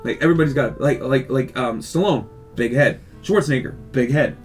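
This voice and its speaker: A man's voice: mid-range voice, brisk, faint music behind. A man hosting a casual podcast, rambling and ranting with lots of swearing. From California. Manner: rambling, animated rants with profanity. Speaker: podcast host.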